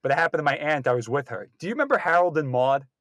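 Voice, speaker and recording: A man in easygoing talk, telling long rambling stories about running into celebrities. His voice sits fairly high, and he jumps into loud, shrill voices whenever he quotes someone. The sound is dry and close. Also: racing, dry recording. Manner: rambling, animated, acts out quotes in raised voices. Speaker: guest storyteller. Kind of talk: casual anecdote telling.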